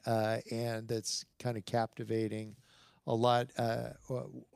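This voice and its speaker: Gravelly middle-aged man telling stories. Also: mid-range voice, takes it slowly, no echo. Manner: animated storyteller, acts out quoted dialogue, chuckles between lines. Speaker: podcast guest. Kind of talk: storytelling in casual conversation.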